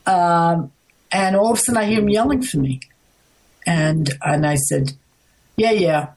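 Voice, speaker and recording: A middle-aged woman from the United States, a guest in an interview, telling a story in an animated, rambling way, restarting often. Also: on the low side, normal speed, low-quality recording. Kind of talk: casual storytelling.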